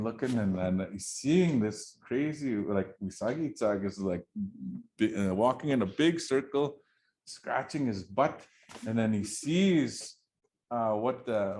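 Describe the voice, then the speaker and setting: A man's voice: lowish voice, a little mellow, a little hiss or hum. A male storyteller telling a traditional tale in a loose, chatty way. He laughs often and keeps checking in with his listeners with "right?" and "you know?". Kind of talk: oral storytelling to an audience.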